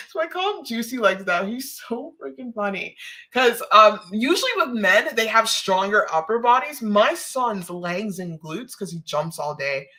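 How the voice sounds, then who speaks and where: Expressive and bright, this woman's mid-range voice carries a forceful tone at normal speed. Chatting on a live stream, the Canadian rambles and laughs a lot while emotional and holding back tears.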